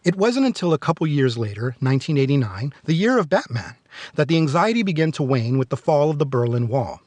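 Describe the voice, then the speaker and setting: A man's voice: fairly high pitch, sing-song, brisk, a little mellow, dry recording. Sardonic man in his forties reviewing films. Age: 40s. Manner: sardonic, darkly joking. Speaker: podcast host. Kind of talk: film review podcast narration.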